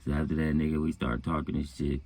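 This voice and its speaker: A man's voice: very deep voice, little pitch movement, quick pace, vocal fry, darkish tone. A man casually recounting a story in a laid-back, profane way, often chuckling and saying "you know what I'm saying". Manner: chuckles between phrases. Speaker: storyteller recounting his own past.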